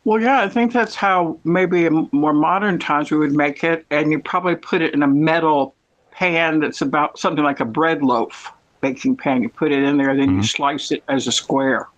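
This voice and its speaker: A woman's voice: low voice, moderate pace, dull audio. Woman from the US, rambling chatty storyteller, talking from home mid-snack. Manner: rambling, digressive storytelling while eating. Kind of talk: casual chat. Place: at home in her apartment.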